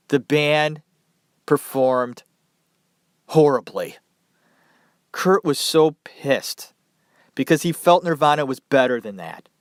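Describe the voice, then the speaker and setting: A man's voice: on the high side, no room sound, studio quality. A man hosting a podcast, telling a story in a casual, chatty way. He has a nasal voice, stuffed up from a head cold, and talks loosely with swearing and asides. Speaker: podcast host.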